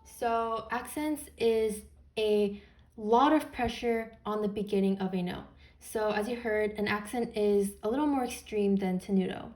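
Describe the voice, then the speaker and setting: A woman's voice: medium pitch, a little slow, a little mellow. A woman patiently explaining beginner music theory step by step, as a teacher.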